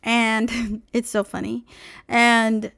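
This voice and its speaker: A young woman on a close mic tells a casual storytime rant, swearing freely and sounding fed up. Her voice sits a bit high and comes through smooth and clear. The sound is dry, with no room around it. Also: extremely slow, no echo. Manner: profane, exasperated, animated storytelling. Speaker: vlogger.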